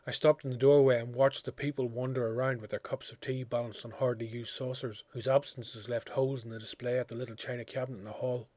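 A man narrating a literary story in a measured, quiet, reflective way. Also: medium pitch, little pitch movement, no echo. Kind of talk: audiobook reading of a literary story.

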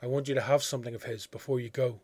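A man reading aloud, voicing a grieving mother who speaks softly and gently in a hushed voice. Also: medium pitch, fairly even intonation, very fast, no echo, lightly acted. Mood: gentle. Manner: soft, hushed.

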